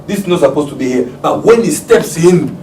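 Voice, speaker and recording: Congolese pastor preaching in an echoey room. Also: male voice, a little high, brisk. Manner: storytelling, acts out family scenes with loud excited shouts and laughter. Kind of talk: sermon. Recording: echoey room, distant mic, faint background hiss.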